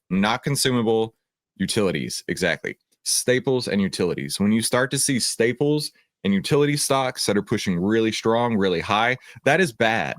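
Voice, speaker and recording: A man's voice: fairly low pitch, lively intonation, moderate pace, fairly bright tone, dry recording, clean studio sound. A man hosting a livestream, chatting upbeat with viewers in the chat. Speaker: host of a livestream, reacting to a video.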